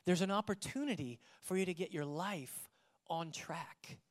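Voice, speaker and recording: A pastor preaching a sermon to a live church congregation, moving between loud emphasis and hushed tones and putting direct questions to the listeners. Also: medium pitch, moderate pace.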